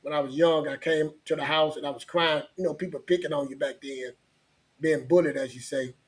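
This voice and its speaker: A man's voice: a little high, steady tone, brisk. A man telling a personal story in casual podcast chat, rambling and repeating himself, with frequent laughs.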